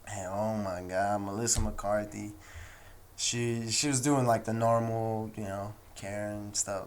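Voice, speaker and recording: A young American man hosts a casual solo podcast, telling stories in a loose, rambling way and acting out quoted people in raised voices. His voice is fairly low and steady in tone, and he speaks a little slowly.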